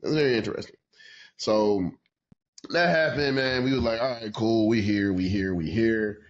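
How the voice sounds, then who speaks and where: Excitable, profane podcast host man. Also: on the low side, moderate pace, muffled recording. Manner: profane, excitable, laughs often. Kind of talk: casual wrestling chat.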